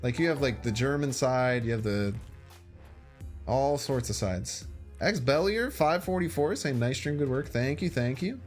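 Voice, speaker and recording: A man with a Chicago accent streaming a card game, chatting casually with his viewers and thinking his moves out loud. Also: medium pitch, lively intonation, unhurried, soft background music. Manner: chatty, thinks aloud and talks to chat. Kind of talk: casual gaming stream commentary.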